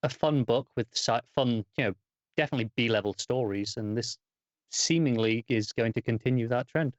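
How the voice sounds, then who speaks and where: A man's voice: mid-range voice, moderate pace, no room sound. A man co-hosting a comics review podcast, chatting in an easygoing way with a few restarts. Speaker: podcast co-host. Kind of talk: casual comic review chat.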